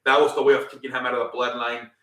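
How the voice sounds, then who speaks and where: A man talks through a wrestling show in a loose, rambling recap, full of fillers and restarts. His voice is bright and forward, and it sits a little back from the mic. The room gives it a clear echo. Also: mid-range voice, level tone, rapid-fire. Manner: rambling, many fillers and repeated words. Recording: roomy echo, a bit far from the mic.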